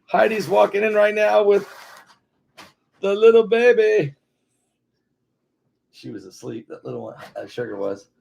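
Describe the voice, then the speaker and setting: Older man, Midwestern accent, gravelly voice, rambling folksy host, casual chat. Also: sits high, sing-song, fairly quick, few pauses, a little mellow. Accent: Midwestern American. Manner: rambling, folksy, talks to his dogs.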